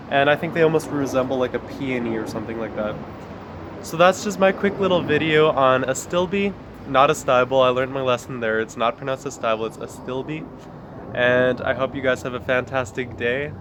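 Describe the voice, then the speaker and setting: A man's voice: medium pitch, noisy background. A man in a backyard garden, giving a casual, rambling vlog with lots of fillers and friendly asides. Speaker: gardening vlogger. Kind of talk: casual outdoor plant talk.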